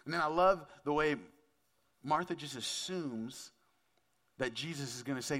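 Using a measured pace and long pauses, a pastor with a fairly high, fairly bright voice preaches a sermon. He keeps it casual and conversational, often asking his listeners questions.

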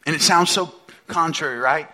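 A man's voice: fairly high pitch, moderate pace, sharp tone. A male pastor preaching a sermon in a conversational way, asking the listeners many questions and repeating phrases for emphasis.

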